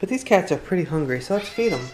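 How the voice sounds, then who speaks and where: Man, 30s, daily family vlogger; casual and chatty on a camera mic, steady hum of background noise behind him. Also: sits high, quick pace. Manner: chatty, upbeat, thinks out loud. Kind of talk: casual vlog talk to camera.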